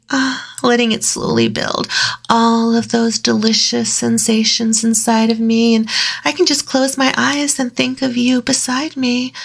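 Slow, breathy, gravelly-voiced teasing woman. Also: fairly high pitch. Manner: teasing and dominant, soft giggles between phrases. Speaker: audio role-play performer. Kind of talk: intimate teasing role-play, partly whispered.

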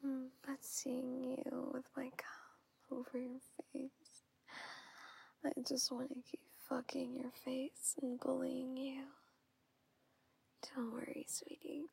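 A woman in whispered role-play, voicing a teasing, possessive older aunt who coaxes in a slow, breathy whisper. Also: sits high, completely flat delivery, warm tone, full character voice. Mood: soothing, possessive.

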